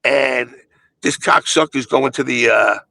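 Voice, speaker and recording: A man's voice: mid-range voice, measured pace, vocal fry, pushed and bright, poor audio. An older man telling long, profane stories in casual chat. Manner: profane, rambling storyteller.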